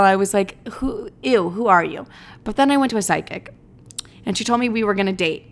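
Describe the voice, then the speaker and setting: A young woman vlogger telling a story in a casual, dramatic way, swearing freely and joking at her own expense. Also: medium pitch. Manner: animated, dramatic, swears freely, mocks herself.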